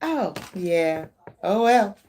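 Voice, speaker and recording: A woman's voice: medium pitch, big pitch swings, extremely slow, darkish tone, a little hiss or hum. A woman doing a tarot reading in casual, blunt, profane talk, teasing and laughing often. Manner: slangy, teasing. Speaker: tarot reader.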